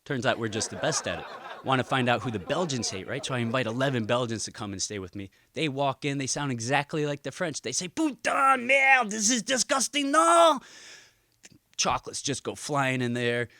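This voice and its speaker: An American man in his thirties doing a stand-up comedy routine, telling a story with energetic delivery. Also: mid-range voice, fast talker. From United States. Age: 30s. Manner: animated storytelling, exaggerated put-on voices.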